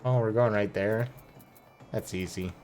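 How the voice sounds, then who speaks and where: A man's voice: fairly low pitch, fairly even intonation, a little slow, darkish tone, faint music behind. A man giving casual, laid-back gameplay commentary as a streamer, dropping profane asides. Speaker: game streamer.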